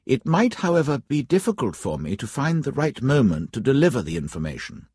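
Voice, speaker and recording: Man reading as stiffly polite butler, raised pitch, breathy tone, dry sound. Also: sing-song, brisk, darkish tone, no room sound. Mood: formal. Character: formal middle-aged male butler, dutiful.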